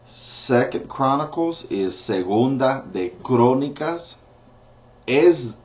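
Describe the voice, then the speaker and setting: A man teaching a language lesson, pronouncing each word slowly and carefully and adding casual asides. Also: medium pitch, very animated, darkish tone. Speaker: Spanish teacher. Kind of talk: slow, deliberate language lesson. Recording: dull lo-fi recording.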